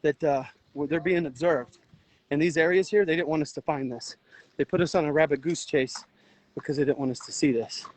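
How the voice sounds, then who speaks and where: A man's voice: fairly high pitch, fairly quick, a little mellow, dry recording, poor audio. Exhausted man livestreaming from a phone. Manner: urgent, earnest, rambling with restarts. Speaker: livestream host, veteran volunteer. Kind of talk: emotional outdoor livestream commentary. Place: outdoors at a river border.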